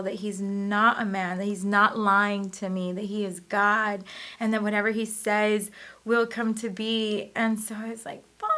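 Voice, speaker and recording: Earnest woman telling her faith story. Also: medium pitch. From United States. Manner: emotional, earnest, animated retelling. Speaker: interviewee. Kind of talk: personal testimony.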